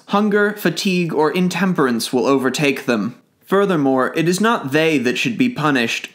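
A man's voice: fairly high pitch, fairly bright tone. A man voicing a frank, bitter earth philosopher in a storybook reading, talking in a sardonic, blunt way.

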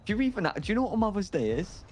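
A man's voice: high voice, big pitch swings, very fast, a little mellow, slight background noise. A British man chatting casually in a roleplay game, teasing his friend with lots of British slang. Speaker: roleplay player.

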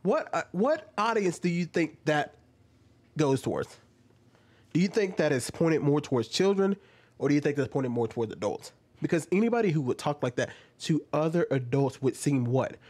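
A man's voice: on the high side, expressive, moderate pace, darkish tone. A young man giving reaction commentary, arguing with a string of rhetorical questions.

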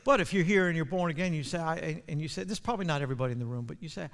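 A male pastor preaching a sermon, repeating his words and building to loud, fervent passages. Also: on the high side, very fast. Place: church sanctuary. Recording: long church hall reverb.

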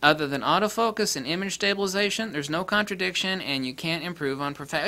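A man with a bright, forceful, somewhat high voice rants bluntly about camera lenses. He is profane and mocking, swinging from low grumbles up to loud, high-pitched outbursts. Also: brisk, gravelly, few pauses. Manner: dramatic swings in pitch and loudness. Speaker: camera lens reviewer. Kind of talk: casual opinionated rant.

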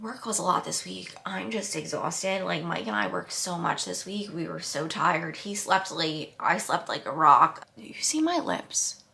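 A young woman chats to her camera at home in a loose, rambling vlog style, filling her sentences with "like." Her voice sits a little low but has a bright, clear edge. Now and then she drops to a soft whisper. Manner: chatty, says "like" often, drops to a whisper at times. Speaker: vlogger. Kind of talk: casual vlog chat.

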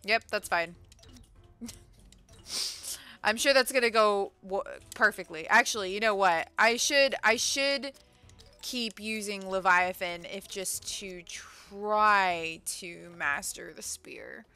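A woman streaming a video game, chatting casually, laughing often and reacting excitedly to what she finds. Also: medium pitch, takes it slowly, clear, resonant tone, faint music behind. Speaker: gaming streamer. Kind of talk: casual let's-play commentary.

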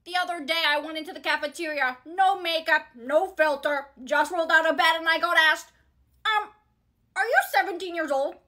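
A rambling, delusional old woman, as a synthetic storytime voice reads her. The voice sits very high and bright, and she brags at length in a smooth, even synthetic cadence. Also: normal speed. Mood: boastful. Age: older. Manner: boastful, rambling. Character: delusional 104-year-old woman, boastful. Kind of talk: text-to-speech story narration.

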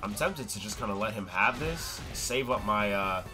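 A young man streaming a fighting game, commenting live with excitable yelps and trash talk. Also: lowish voice, normal speed, music in the background.

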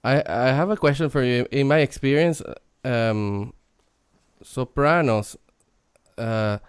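A man's voice: mid-range voice, takes it slowly, clear, resonant tone, dry recording, clean studio sound. A man hosting an interview, asking questions in a hesitant, searching way. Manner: hesitant, many fillers and restarts. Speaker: interview host.

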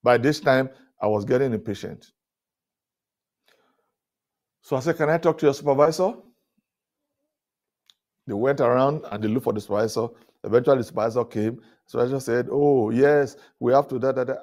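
A male pastor giving a leadership talk at a conference, telling stories with chuckles and repeated words, often rising loud for emphasis. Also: mid-range voice, fast talker. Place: conference stage before an audience.

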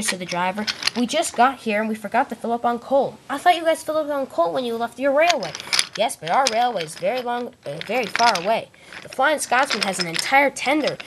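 A woman reading a train story aloud, with lively character lines between plainer narration. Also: medium pitch, noisy background. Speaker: storyteller reading all parts. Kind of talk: amateur read-aloud storytelling of a train tale.

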